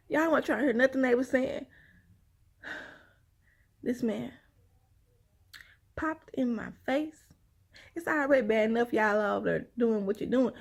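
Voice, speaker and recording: A woman's voice: on the high side, gravelly. A woman telling a rambling personal story to her viewers, sighing often and calling them y'all. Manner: chatty, addresses viewers as y'all, sighs often. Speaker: vlogger.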